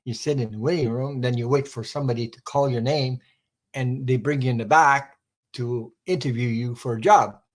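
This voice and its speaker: A man's voice: medium pitch, moderate pace, poor audio. An older man from French Canada, a guest who rambles through funny anecdotes and laughs at his own stories. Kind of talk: casual storytelling chat.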